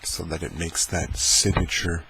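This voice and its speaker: A man speaking softly for an ASMR video, slow and playful as he demonstrates sounds at home. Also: steady tone, gravelly. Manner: slow deep soft-spoken, playful and rambling. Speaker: ASMR creator. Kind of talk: ASMR soft-spoken demonstration. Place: home room with heater fan running. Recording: low-quality recording with fan noise. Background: heater fan hum.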